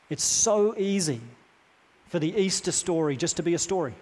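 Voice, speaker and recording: A man preaching a sermon, earnest and deliberate, repeating key phrases with slow pauses. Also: a little high, a little mellow, a little hiss or hum. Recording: long reverb of a large hall.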